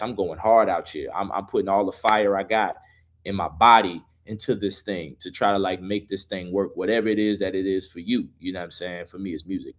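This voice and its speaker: A man's voice: sits low, steady tone, quick pace. A man hosting a live stream in loose, profane casual chat, reading viewer questions and talking through his song.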